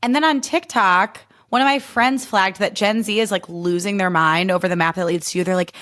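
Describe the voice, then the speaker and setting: A woman's voice: mid-range voice, brisk, a bit bright. A woman in her mid-thirties from Illinois hosts a casual solo podcast. She talks in a chatty, emphatic way, peppering her speech with fillers and swearing. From Illinois, USA. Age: 30s. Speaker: podcast host.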